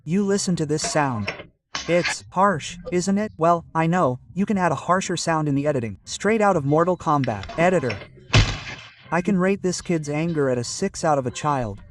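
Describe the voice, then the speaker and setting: Young male host, reaction commentary, talkative and exclamatory, slightly high voice. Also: animated, normal speed, far from the mic, background noise. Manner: chatty, exclaiming at what he watches. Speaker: video host reviewing clips.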